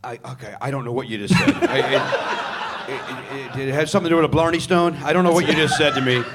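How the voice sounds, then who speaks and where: A man's voice: medium pitch, fast, very noisy. A man hosting a live comedy podcast on a theater stage, riffing sarcastically and mocking himself. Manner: sarcastic, self-deprecating riffing with crowd. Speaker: podcast host.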